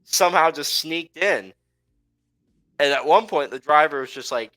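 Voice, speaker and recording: Bright-voiced rambling male storyteller. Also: fairly high pitch, normal speed, rough recording. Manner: rambling, filler-heavy, laughs while telling. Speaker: podcast co-host. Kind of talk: casual storytelling chat.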